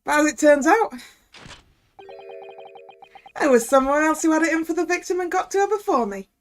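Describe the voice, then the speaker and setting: A woman's voice: sits high, lively intonation, normal speed, voice pushed up. A woman voicing a boastful male journalist with a Cockney accent, full of self-righteous swagger. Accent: Cockney, put on.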